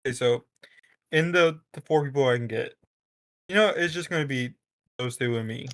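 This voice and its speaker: A man chats his way through a tabletop game, hesitant and often laughing as he thinks aloud. His voice sits at an ordinary middle pitch. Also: normal speed, fairly bright tone. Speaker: player. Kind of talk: tabletop game chat over a call.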